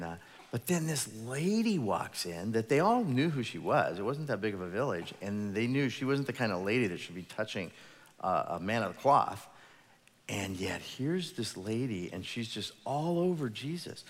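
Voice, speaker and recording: Low-voiced pastor preaching in a hall. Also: male voice. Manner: casual storytelling, retells scripture in everyday words. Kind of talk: conversational sermon.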